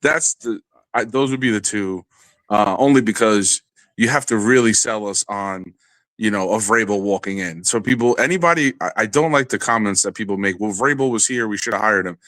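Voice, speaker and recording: A man telling a long, animated and profane story in a casual podcast chat. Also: lowish voice, moderate pace, no echo. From New York area.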